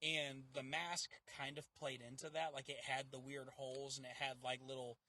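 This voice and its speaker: A man's voice: medium pitch, level tone, moderate pace, pushed and bright. A man with a Southern US accent, co-hosting a casual chat and animatedly acting out quotes as he tells stories. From Southern United States. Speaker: haunt reviewer co-host.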